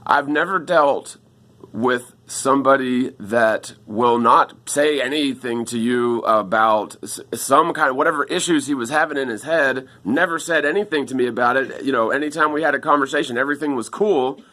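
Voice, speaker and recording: Man, vlogging on a phone, bright and forceful tone, rambling and upset, filler "man" and "dude" all through. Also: mid-range voice, normal speed. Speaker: vlogger asking viewers for help. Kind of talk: casual video monologue. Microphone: phone camera.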